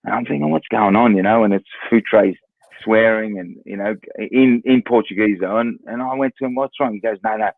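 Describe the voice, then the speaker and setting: Australian man, former footballer, casual anecdotes, repeats words, lowish voice, tinny phone-like sound. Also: brisk, creaky, dry recording. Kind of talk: casual storytelling.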